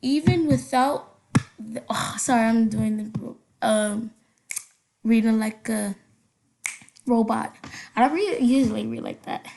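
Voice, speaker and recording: A woman's voice: on the high side, fairly even intonation, vocal fry, darkish tone, a little hiss or hum. A young woman casually reading funny stories aloud, stumbling over words and breaking off with giggly asides. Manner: halting read-aloud with slips and giggly asides.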